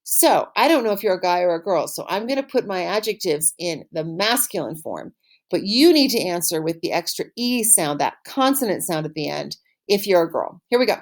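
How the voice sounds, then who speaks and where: A woman teaching an online French lesson, saying words slowly and clearly for pupils to repeat and praising them warmly. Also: lowish voice, big pitch swings. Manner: encouraging, upbeat praise. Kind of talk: recorded online language lesson.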